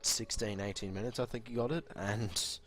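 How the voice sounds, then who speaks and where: A man's voice: lowish voice, fairly even intonation, normal speed, noisy background. An Australian man giving casual color commentary on a video game match. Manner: casual, chatty analysis. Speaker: esports co-caster.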